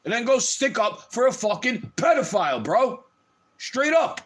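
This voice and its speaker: A man's voice: extremely high pitch, sing-song, measured pace, fairly bright tone, husky. A man on a livestream delivering a heated, profane rant straight to his audience.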